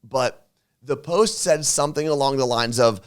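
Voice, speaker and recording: A man co-hosting a casual talk show, chatting in relaxed, rambling thoughts. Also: mid-range voice, moderate pace, clean tone. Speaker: radio and podcast co-host. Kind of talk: casual chat. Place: studio.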